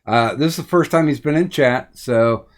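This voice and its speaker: Calm man hosting a casual podcast. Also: medium pitch, moderate pace. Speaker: podcast host. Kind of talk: casual chat, moderating.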